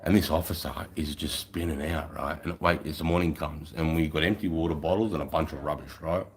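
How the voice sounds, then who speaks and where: A man with a very low voice tells a crude, boastful story full of swearing. His delivery is casual and swaggering, like a rowdy anecdote told among mates. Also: steady tone, a little fast.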